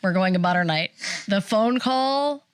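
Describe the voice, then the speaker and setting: A woman's voice: unhurried, smooth, no echo. A middle-aged woman, co-hosting a podcast and telling a story in casual chat, acting out the voices of other people. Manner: animated storyteller, acts out quoted voices high. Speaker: podcast co-host.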